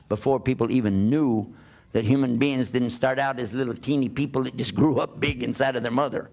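An older man with an American accent delivers a conversational sermon, leaning on stories and rhetorical questions to carry his listeners along. His voice sits at an ordinary middle pitch with a gravelly, creaky edge. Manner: animated storytelling with rhetorical questions. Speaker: Islamic preacher.

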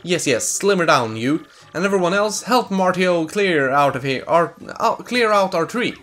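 A man's voice: high voice, expressive, normal speed, fairly bright tone, faint music behind, voice pushed up. A Swedish man voicing a cranky, bossy old female tree elder from a game, reading her lines aloud in English. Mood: scolding. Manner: bossy, scolding, grumbling.

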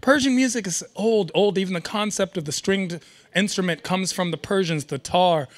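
A young man doing a stand-up comedy set at a live event, animated and riffing with the audience. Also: high voice, moderate pace. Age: young adult.

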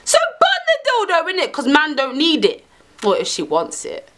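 A woman's voice: sits high, wildly swooping pitch, normal speed, fairly bright tone. A young woman, talking to camera in a brash, profane, slang-heavy casual monologue. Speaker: vlogger.

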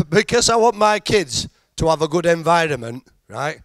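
A man's voice: on the high side, big pitch swings, moderate pace, no echo. A middle-aged man with a Yorkshire accent doing a chatty, self-deprecating stand-up routine and teasing the crowd. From Halifax, England. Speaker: stand-up comedian.

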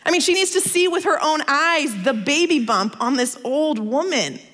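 A woman in her thirties from the United States, preaching a sermon in a conversational, expressive storytelling manner. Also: high-pitched, normal speed, long reverb tail.

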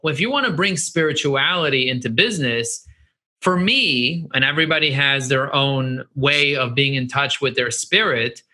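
A man's voice: a little high, bright, forceful tone. A middle-aged man being interviewed, speaking earnestly and candidly, repeating phrases for emphasis. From United States. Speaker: guest, marketing agency CEO.

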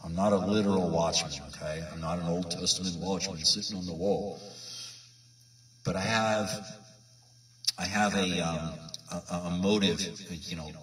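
Emphatic preaching man, low voice, distant mic. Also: fairly bright tone. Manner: emphatic, repetitive, rhetorical questions. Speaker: independent Bible teacher. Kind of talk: informal preaching to camera.

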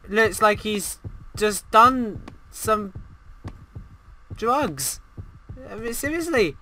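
A young man commentating a horror game as he plays, excitable and swearing, talking back at the game. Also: high voice, slow, pauses often, rough recording. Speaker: gaming channel host.

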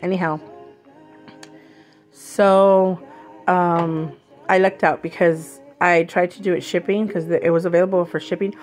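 A woman's voice: fairly low pitch, fairly even intonation, unhurried, long pauses, darkish tone, faint music behind. A woman vlogger chatting casually as she unboxes purchases, gushing and rambling, sick with a cough.

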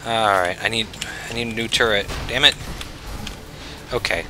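A man's voice: fairly low pitch, normal speed, noisy background. A man casually commenting on his own gameplay as a channel host, chatty and self-mocking, swearing freely.

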